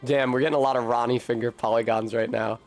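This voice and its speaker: A man's voice: medium pitch, steady tone, quick pace, soft background music. A man giving casual, profane, jokey commentary while playing a game on stream.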